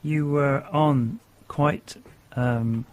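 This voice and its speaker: A man's voice: medium pitch, steady tone, extremely slow. A man hosting a radio interview, asking questions in a hesitant, encouraging way. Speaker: radio host.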